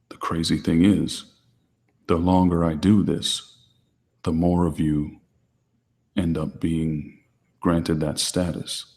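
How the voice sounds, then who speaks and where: A man hosting his channel, answering viewer questions in a calm, deliberately quiet, restrained way. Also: rumbling low, in a large hall. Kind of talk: low-key livestream chat.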